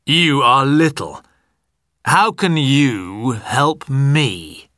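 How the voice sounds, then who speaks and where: A big, proud lion from a children's storybook speaks in a slightly deeper voice, as a narrator puts it on. Every word is slow and deliberate, with an expressive, lively lilt. The recording is close and dry. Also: no room sound. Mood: amused. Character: big proud lion, amused then grateful.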